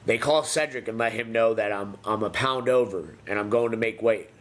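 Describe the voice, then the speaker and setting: Profane, animated man telling fight stories. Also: on the low side, normal speed, slight background noise. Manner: animated, profane, acts out quoted voices. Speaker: pro MMA fighter, interview guest. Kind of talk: casual storytelling.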